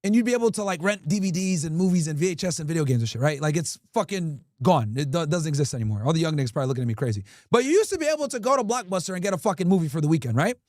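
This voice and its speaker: A man in his thirties from Connecticut, telling crude stories to his livestream chat in a lively, laughing way. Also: a little high, rapid-fire, hardly any pauses, no room sound, studio quality. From Connecticut, USA. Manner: animated, crude, laughing storyteller. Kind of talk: casual storytelling to chat.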